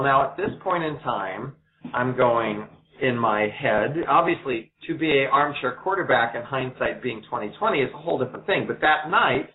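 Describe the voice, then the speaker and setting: A man answering interview questions, telling stories briskly and acting out the quoted dialogue. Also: mid-range voice. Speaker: interview guest. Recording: tinny phone-like audio.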